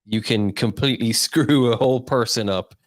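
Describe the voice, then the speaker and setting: A man's voice: medium pitch, normal speed, no room sound, studio quality. A man hosting a casual interview, rambling with many fillers and short laughs as he talks. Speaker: interview host.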